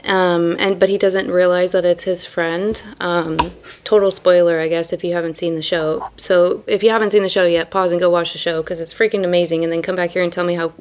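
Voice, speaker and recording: A woman's voice: fairly low pitch, flat delivery, fairly quick, hardly any pauses, clean tone. A young woman reading tarot and chatting casually, rambling and full of fillers between card meanings. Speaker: tarot reader.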